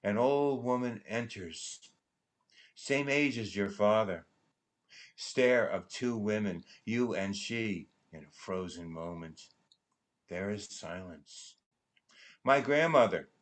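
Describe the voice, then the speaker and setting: Man, deep low voice, unhurried, dramatic poetry recitation, hushed trailing line endings. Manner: hushed, trailing into near-whispers at line ends. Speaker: poetry reader at a benefit concert. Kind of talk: slow dramatic recitation of a prose poem.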